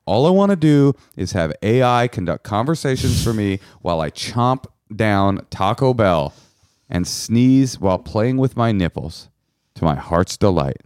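Lively teasing middle-aged man, podcast co-host. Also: measured pace, clean tone, no echo, studio quality. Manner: playful teasing, lively swings in pitch. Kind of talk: joking podcast banter.

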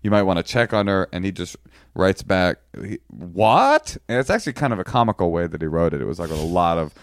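A man co-hosting a podcast, telling a long story in a rambling, halting way with deadpan jokes. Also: low voice, no echo, clean studio sound. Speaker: podcast co-host. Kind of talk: casual storytelling chat.

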